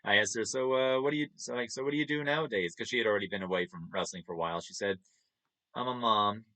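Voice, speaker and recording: A man's voice: on the low side, racing, a bit bright. Chuckling New man. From New York. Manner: chatty, chuckles often, upbeat. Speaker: streamer. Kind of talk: casual chat over photos.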